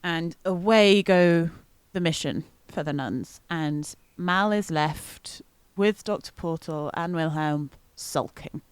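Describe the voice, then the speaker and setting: A woman's voice: deep voice, takes it slowly, smooth, no room sound. A woman co-hosting a podcast, chatting casually and laughing often as she recaps an event with many ums. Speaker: podcast co-host.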